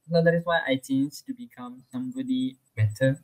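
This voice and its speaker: A man's voice: mid-range voice, lively intonation, normal speed, rough recording. A young man telling his own story in a casual interview, chatty and full of "like" fillers, laughing often.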